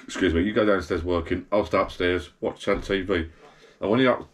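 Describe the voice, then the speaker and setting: A man's voice: sits low, brisk. A man, rambling through pub stories to camera in his backyard garden bar. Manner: chatty, meandering, blokey storytelling with self-corrections. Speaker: vlogger. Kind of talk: rambling anecdotal monologue to camera.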